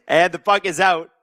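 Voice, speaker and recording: A man's voice: high-pitched, dry recording, clean studio sound. A man in his thirties from Canada hosting a live hockey watch-along, calling plays casually and joking while reading out chat. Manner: jokey, reads chat aloud, bursts of excitement.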